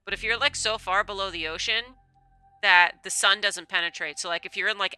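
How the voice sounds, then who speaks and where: Woman streamer, casual game commentary with rambling asides; very bright, lowish pitch, faint music under. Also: smooth, no room sound. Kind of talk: casual game commentary, reading the game's text aloud.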